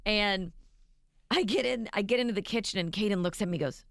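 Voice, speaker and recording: A middle-aged woman co-hosting radio banter, telling an animated story and laughing as she goes. Her voice has a gravelly edge, she sits close to a dry studio mic, and her pitch sits in the middle range. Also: brisk, no echo. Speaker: radio co-host.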